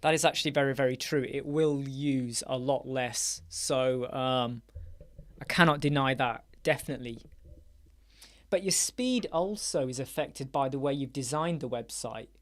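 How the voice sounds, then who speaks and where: A man hosting a live Q&A chat show, rambling and animated, with many fillers. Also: medium pitch, moderate pace. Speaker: host. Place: dark room with soundproof panels.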